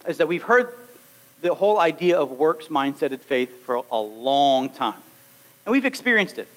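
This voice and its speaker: Male preacher, high voice, wide swings in pitch, animated sermon delivery. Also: normal speed. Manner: animated, acts out little scenes and voices.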